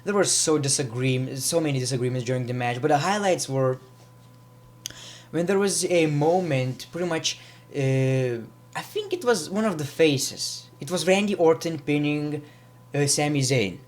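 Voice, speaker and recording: A man's voice: fairly high pitch, normal speed. A man giving a casual, rambling wrestling review, with frequent restarts and repeated words. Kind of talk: casual vlog commentary.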